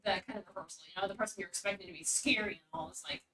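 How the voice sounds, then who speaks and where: A woman hosting a casual stream, reacting to a story with rambling, animated chat and the odd swear. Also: medium pitch, racing, a crowd in the background, poor audio. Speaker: stream host reacting to a web serial.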